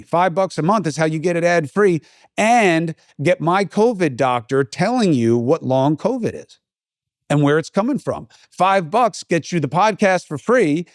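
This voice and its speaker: A man's voice: fairly high pitch, no room sound, studio quality. A middle-aged man hosting his own podcast, giving a blunt, emphatic opinion monologue in a conversational way and swearing now and then. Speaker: podcast host.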